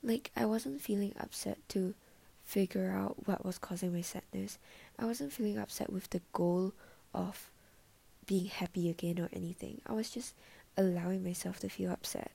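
Soft-spoken young woman, breathy and creaky. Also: medium pitch, fairly even intonation, moderate pace. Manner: soft, often half-whispered, filler-heavy musing. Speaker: vlogger. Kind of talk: personal reflective monologue.

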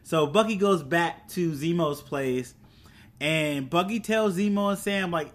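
A man hosting a podcast, casually recapping a TV episode with excitement and quoting the characters' lines as he goes. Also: on the high side, normal speed. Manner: excited, animated retelling with quoted lines. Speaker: podcast host.

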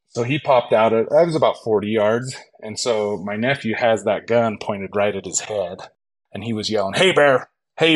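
A man telling a hunting story as a podcast guest, animated and acting out the lines of others. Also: lowish voice. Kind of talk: storytelling in a casual interview.

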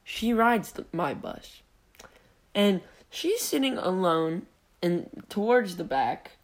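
This podcast host is a young man whose slow, high-sitting voice swings widely in pitch. He rambles through a story, breaking into giggles, drifting into side topics, and interrupting himself.

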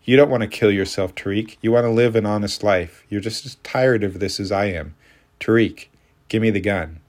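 A man with a deep voice reading the part of a weary, blunt woman in her thirties in an audiobook, raising his voice and speaking with forceful exasperation. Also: moderate pace, natural voice. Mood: urgent.

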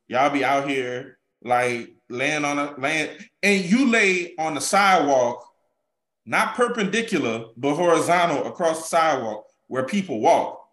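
A man's voice: fairly high pitch, measured pace. A man telling blunt, profane stories in a casual podcast chat. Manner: animated storytelling, blunt and profane. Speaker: podcast guest. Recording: roomy echo.

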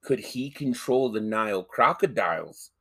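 A man's voice: on the low side, animated, measured pace, fairly bright tone. A man co-hosting a podcast, arguing animatedly in casual, profanity-laced banter. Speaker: podcast co-host.

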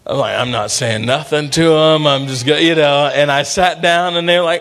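Preaching man with a higher voice. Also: steady tone, normal speed, fairly bright tone. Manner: conversational preaching with call-and-response asides; acts out quoted voices in his stories. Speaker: pastor. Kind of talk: sermon.

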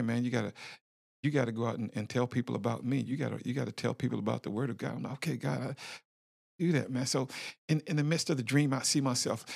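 Gravelly-voiced man telling his story. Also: mid-range voice, no echo, studio quality. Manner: candid, preacher-like, lots of fillers and repeats, calls listener "man". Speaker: podcast host. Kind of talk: personal testimony, motivational talk.

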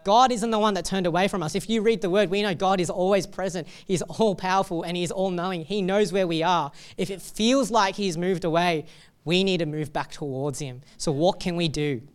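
A man's voice: high-pitched, fairly even intonation, a little fast, clear, resonant tone. A young adult man, a pastor giving a sermon in a casual, joking way and reading scripture with feeling.

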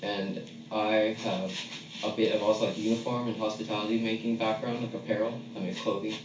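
A man's voice: on the low side, flat delivery, fairly quick, distant mic. A man from San Francisco, a guest in a casual chat, telling his story in a rambling, hesitant way with many fillers. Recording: echoey room, mic set back, faint noise.

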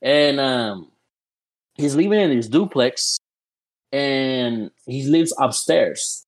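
A man's voice: mid-range voice, slow, poor audio. Slangy man telling a story. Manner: animated, slangy, many fillers like "you know" and "dude". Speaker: podcast guest. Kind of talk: casual storytelling chat.

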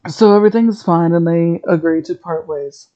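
Chatty, rambling podcast host, mellow tone. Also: mid-range voice, moderate pace, muffled recording. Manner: chatty, rambling, laughs at own tangents. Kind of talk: casual episode recap.

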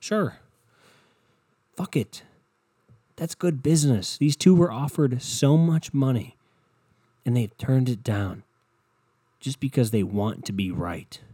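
A man's voice: medium pitch, a little slow, mellow, husky, no echo, clean studio sound. A young man hosting his own podcast, ranting bluntly and rambling with lots of swearing. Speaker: podcast host. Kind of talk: solo podcast rant.

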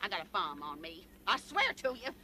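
An actress playing a foul-mouthed old farm woman who is furious and crazed, with loud, threatening speech in film dialogue. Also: mid-range voice, huge pitch swings, brisk, a little hiss or hum. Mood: ranting.

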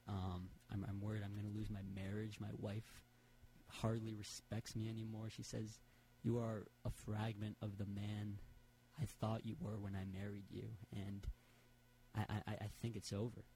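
A man's voice: lowish voice, little pitch movement, moderate pace, mellow, slight background noise, natural voice, poor audio. A man voicing a downtrodden male moth who rambles and stammers through his troubles. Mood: woeful.

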